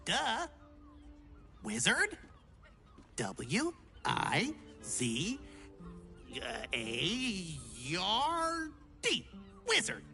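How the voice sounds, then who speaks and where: An eager little male would-be adventurer from a video game, high and bright with a gravelly edge. He babbles theatrically in wide, swooping leaps of pitch. He takes his time over each exclamation. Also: wildly swooping pitch, drawn-out words, pauses often, faint music behind, full character voice. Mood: excitable.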